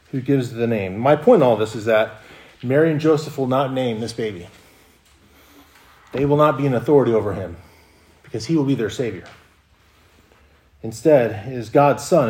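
A man's voice: mid-range voice, dark tone. A man preaching a sermon as pastor, earnest, often repeating words as he restarts a phrase.

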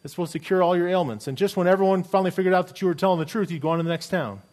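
Higher-voiced man preaching earnestly. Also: racing, a little mellow. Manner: earnest, emphatic preaching with rhetorical questions. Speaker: pastor. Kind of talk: sermon.

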